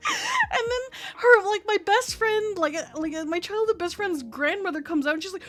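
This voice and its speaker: A woman's voice: very high-pitched, very animated, fairly quick, fairly bright tone, faint music behind. A woman, a streamer telling stories in a rambling, profane, laugh-filled way. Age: 30s. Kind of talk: casual storytelling chat.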